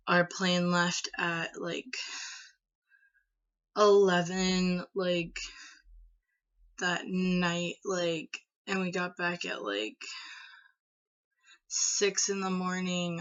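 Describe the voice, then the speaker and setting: A young woman in her early twenties from the United States tells a personal story to the camera at an unhurried pace. Her bright voice rambles, with plenty of "like" and "um". The audio is dull and lo-fi. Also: lowish voice. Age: early 20s. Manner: rambling, filler-heavy with frequent "like" and "um". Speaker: vlogger.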